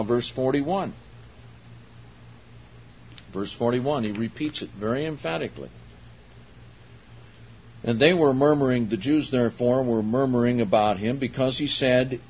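A man preaching a sermon verse by verse, slow and emphatic, rising loud on quoted verses. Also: mid-range voice, breathy edge, muffled recording. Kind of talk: sermon, verse-by-verse Bible teaching.

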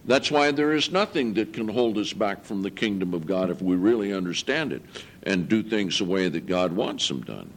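A man preaches a sermon to his congregation, reading scripture slowly and deliberately. His lowish voice is earnest, emphatic and expressive, and it rises on the key points.

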